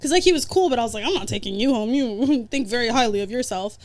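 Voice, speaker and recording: A young adult woman, a podcast guest, telling dating stories in casual chat, animated and swearing freely. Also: a little high, quick pace.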